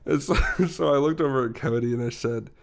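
A man's voice: mid-range voice, a little fast, vocal fry. A young man telling a meandering anecdote on a podcast, with an ordinary, mid-range voice. He keeps circling back and restarting sentences, laughing as he goes. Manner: rambling, laughs often while telling a story. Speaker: podcast co-host. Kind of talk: casual storytelling chat.

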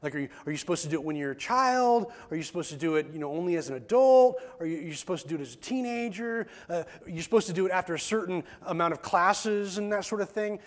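A man's voice: sits high, animated, fast talker, few pauses. A male pastor giving a conversational sermon in church, often repeating words as he starts a sentence.

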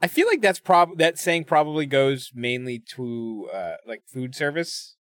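A man with a mid-pitched, lively voice, chatting and joking on a podcast. He talks loosely and casually. The sound is close and dry. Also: measured pace, dry recording. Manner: chatty, joking, laughs between remarks. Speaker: podcast co-host. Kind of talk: casual chat.

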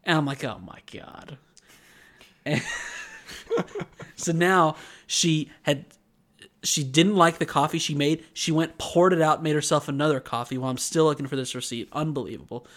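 Talking a little fast at a fairly high pitch, a man co-hosting a podcast tells a lengthy story in relaxed conversation, performing the voices of its characters. His delivery rambles and stays animated as the chat moves between anime recap and anecdote.

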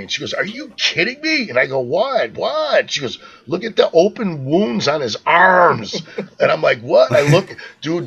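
Man, gravelly husky voice, laid-back storyteller, swears a lot, dull lo-fi sound. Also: medium pitch, sharp tone. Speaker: podcast co-host. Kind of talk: casual chat, storytelling.

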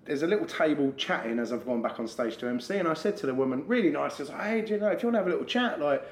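A man's voice: fairly high pitch, lively intonation, racing. A man, a stand-up comedian telling stories in casual chat, laughing as he goes and acting out both sides of his exchanges. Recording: roomy echo.

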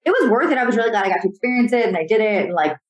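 A woman's voice: mid-range voice, animated, rapid-fire. A young woman and comedian chatting casually over a video call, telling rambling stories full of fillers. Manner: rambling storytelling with many fillers. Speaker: comedian guest.

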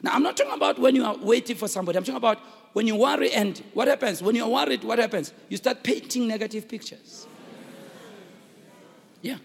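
High, gravelly South African preacher man. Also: quick pace. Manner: fervent preaching with shouted emphasis and call-and-response. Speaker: pastor. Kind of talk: sermon. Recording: echoey hall reverb.

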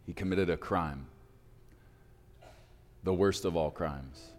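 Brief: male preacher, very deep voice, dramatic pauses, reverberant hall. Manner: dramatic pauses, slowing for emphasis. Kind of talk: sermon storytelling. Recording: reverberant hall with faint music.

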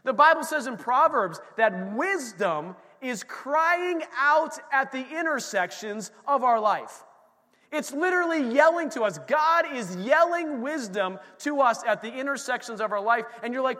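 A man with a high, bright voice preaches a sermon from a church platform. He talks in an animated way, acts out the voices he quotes and calls out to the congregation. The sound carries a long reverb from the hall. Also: moderate pace. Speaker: pastor. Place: church sanctuary.

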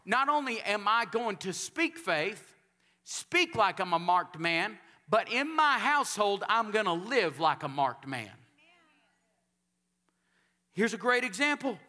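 A man from Texas, a pastor preaching a sermon in a church sanctuary, telling stories and building up to shouted calls for amens. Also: high-pitched, big pitch swings, slow pace.

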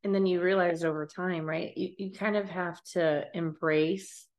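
A middle-aged woman with a Southern California accent who hosts a podcast and gently prompts her guest with questions. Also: fairly low pitch, steady tone, moderate pace. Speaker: podcast host, guest's mother. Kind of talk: interview conversation.

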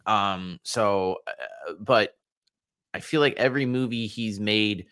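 A man co-hosting a casual podcast chat, talking in halting bursts with repeated words and casual swearing. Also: fairly low pitch, fairly bright tone, smooth, no echo, studio quality. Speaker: podcast co-host.

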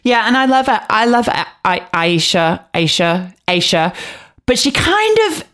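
A woman's voice: mid-range voice, very animated, a little slow, fairly bright tone. A woman co-hosting a podcast, chatting casually and bluntly, swearing freely as she gossips about a show. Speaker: podcast co-host recapping a reality show. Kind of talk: casual chat.

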